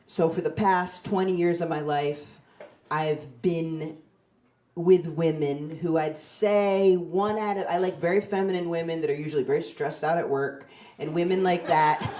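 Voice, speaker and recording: A woman in her forties works a comedy club stage with a handheld mic, her voice sitting a little low. She tells stories in a loose, conversational way, wry and quick to poke fun at herself. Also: mellow. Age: 40s. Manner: wry, self-deprecating, conversational storytelling. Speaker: stand-up comedian. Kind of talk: stand-up comedy set.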